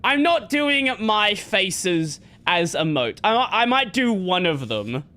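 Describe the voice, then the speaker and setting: A man's voice: high voice, very animated, takes it slowly, sharp tone, slight background noise. A man from Australia, rambling and swearing casually as he comments on his own gameplay. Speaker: gaming streamer.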